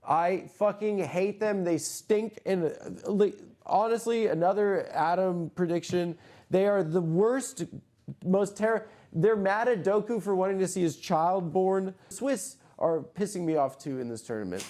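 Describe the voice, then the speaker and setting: Excitable, rambling podcast host. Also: male voice, high voice, a little slow. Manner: excitable, profane, rambling riffs. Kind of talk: casual comedic podcast chat.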